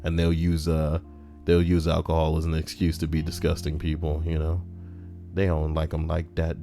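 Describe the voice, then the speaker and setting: A young man casually reading a list aloud on a live stream and chatting with viewers, animated and prone to ranting in put-on voices. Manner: animated, breaks into high-pitched put-on voices and rants. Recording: soft music underneath. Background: soft background music.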